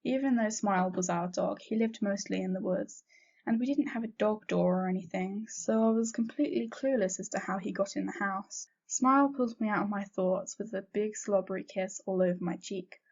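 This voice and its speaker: A woman reading a first-person fanfiction story aloud in a plain, steady narrating voice, in a dull lo-fi recording. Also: mid-range voice, brisk, gravelly. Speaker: fanfiction reader.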